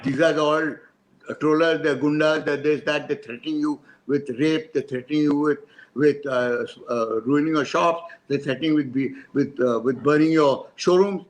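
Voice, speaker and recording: A man's voice: a little high, poor audio. An older man with an Indian accent telling stories in a talk, acting out dialogue and slipping into Hindi. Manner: animated storyteller, acts out dialogue, mixes in Hindi. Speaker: advertising speaker. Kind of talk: storytelling talk.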